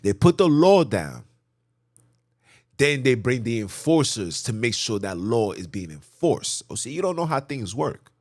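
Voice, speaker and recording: A man's voice: medium pitch, big pitch swings, measured pace, a little mellow, no echo, clean studio sound. A man hosting a podcast, delivering a heated, preachy monologue that drives his points home with repeated lists. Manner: preachy, emphatic, repetitive lists. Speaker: podcast host. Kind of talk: ranting commentary monologue.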